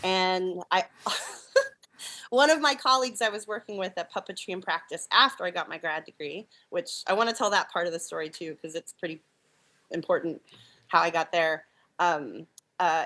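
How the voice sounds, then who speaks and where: Middle-aged woman guest, animated storyteller, bright, crisp tone, laughs easily, acts out what people said. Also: lowish voice. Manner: animated, laughs often, acts out quoted lines. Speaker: puppeteer and clown, interview guest. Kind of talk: casual storytelling interview.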